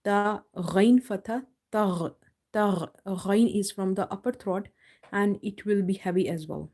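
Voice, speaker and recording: A woman teaches recitation in a live online class, spelling each word out letter by letter before reading it back whole. Her voice is mellow and sits at a middle pitch. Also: steady tone, unhurried.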